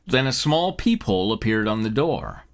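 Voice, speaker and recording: A man hosting a live show, reading fan fiction aloud with animated, chuckling narration. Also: fairly low pitch, normal speed. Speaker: host and narrator.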